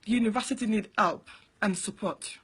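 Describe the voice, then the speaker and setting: A woman's voice: medium pitch, brisk, a bit bright, slightly rough. A woman from Africa, founder of a community award, talking earnestly to camera and stressing her points again and again. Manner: earnest and emphatic, repeats key points.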